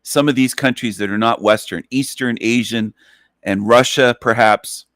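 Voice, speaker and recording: A man's voice: mid-range voice, steady tone, moderate pace, fairly bright tone, no room sound. Dry-voiced man ranting emphatically. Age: adult, past twenties. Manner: emphatic, profane, repetitive. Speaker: online radio host. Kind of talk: ranting monologue.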